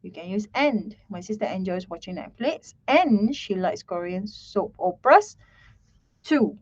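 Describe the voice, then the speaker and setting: A woman teaching English grammar in an online lesson, slowly repeating herself and checking in with "right?" and "okay". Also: mid-range voice, lively intonation, lo-fi sound.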